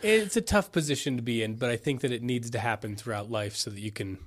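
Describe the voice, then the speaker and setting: A man's voice: medium pitch, dry recording. A man co-hosting a casual podcast, chatty and chiming in often. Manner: quick, chatty, chimes in often. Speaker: podcast co-host. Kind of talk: casual chat.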